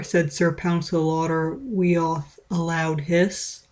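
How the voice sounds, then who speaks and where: A woman's voice: fairly low pitch, level tone, a little slow, few pauses, darkish tone. A woman reading a fan story aloud in a playful, dramatic way, with small stumbles. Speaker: reader. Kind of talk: read-aloud of fan fiction.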